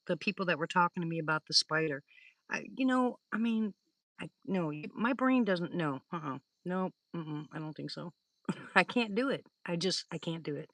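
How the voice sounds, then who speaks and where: A woman's voice: fairly low pitch, fairly bright tone, no room sound. Older woman, livestream host, rambling storyteller, chatty, laughs a lot, dry close sound. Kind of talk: casual chat.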